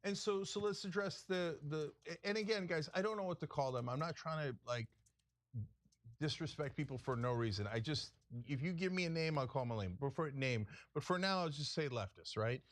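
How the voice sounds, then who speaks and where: A male political talk host speaks in a high, animated voice that climbs and dips constantly. His delivery is heated and emphatic, full of sarcastic jabs. He sounds like he is arguing his case to an audience. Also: moderate pace. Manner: impassioned, emphatic, sarcastic asides.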